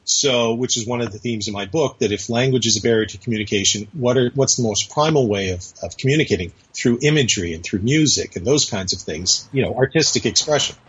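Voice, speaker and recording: A man's voice: mid-range voice, fast, few pauses, fairly bright tone, breathy edge. A man chatting as a podcast guest, telling a long anecdote in a rambling way with many hesitations, on dull lo-fi audio. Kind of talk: casual storytelling conversation.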